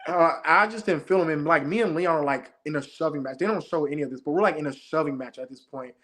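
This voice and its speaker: A young man, a former game show contestant, retelling his experience as an interview guest in an excited, fast-moving casual chat. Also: on the high side. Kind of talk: animated storytelling in casual chat.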